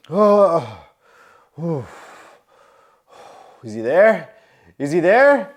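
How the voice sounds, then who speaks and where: A man's voice: a little high, expressive, slow, pauses often. A man coaching on confidence, telling a personal story and acting out his own anxious inner monologue, moving between tense mutters and emphatic bursts.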